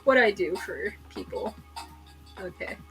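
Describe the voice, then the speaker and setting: A woman's voice: medium pitch, animated, measured pace. A woman chatting casually on a stream while drawing, swearing and rambling through asides. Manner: shrieks when shocked. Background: faint music.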